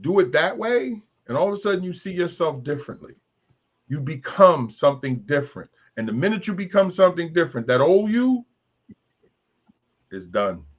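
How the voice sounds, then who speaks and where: A man's voice: a little high, sing-song, normal speed, dull audio. A man in his fifties hosting a candid panel discussion, telling stories and acting out the voices of other people as he makes his points. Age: 50s. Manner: storytelling, acts out voices of others. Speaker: talk show host.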